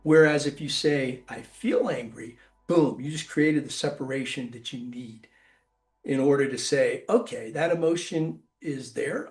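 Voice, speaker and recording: A man giving a motivational talk, earnest and loose, with many ums and restarts. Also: fairly high pitch. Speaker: keynote speaker.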